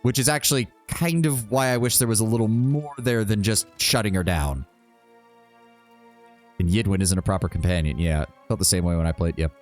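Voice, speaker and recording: Faint music plays behind this streamer as he talks a little fast in a fairly low voice. His let's-play commentary is loose and chatty, full of blunt remarks, cursing, and dialogue options read aloud.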